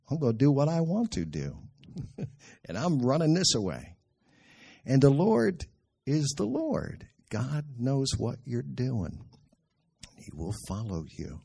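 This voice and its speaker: A man preaching a sermon, reading a Bible story aloud with animated storytelling and chuckling asides. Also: medium pitch, gravelly, husky.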